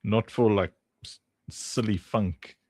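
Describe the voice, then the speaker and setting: A man with a lowish, darkish, slightly rough voice speaks slowly with fairly even intonation, recorded clean in a studio with no echo. He's livestreaming while playtesting his own game, chatty and teasing, laughing often and addressing viewers by name in casual chat.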